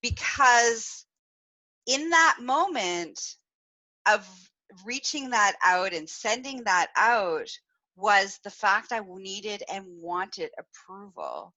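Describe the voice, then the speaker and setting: A woman co-hosting a podcast, telling a personal story in a candid, animated way and swearing freely. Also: medium pitch, takes it slowly, poor audio. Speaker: podcast co-host. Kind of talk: casual podcast conversation.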